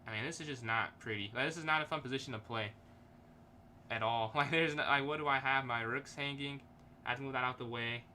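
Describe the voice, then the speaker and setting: A man's voice: medium pitch, fairly quick, sharp tone, a little hiss or hum. A man streaming a chess game, thinking aloud in casual, hesitant commentary and chuckling often.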